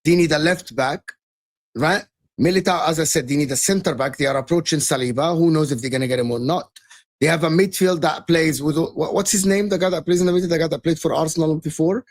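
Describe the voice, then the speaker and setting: A man's voice: a little high, quick pace. A man on a football fan panel, laying out his case point by point in casual debate. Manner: lays out arguments, lists points.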